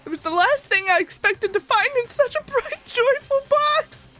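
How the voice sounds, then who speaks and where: High, excitable young woman gamer. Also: normal speed, soft background music. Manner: excitable, gasping and squealing. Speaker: gaming channel host. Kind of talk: excited let's-play commentary.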